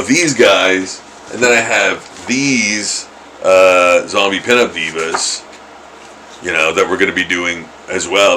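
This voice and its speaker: A man's voice: sits low, sharp tone, slight background noise, rough recording. Rambling, chuckling male artist. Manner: rambling, chuckling, many fillers and restarts. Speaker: artist streaming his drawing. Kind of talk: casual chat while drawing.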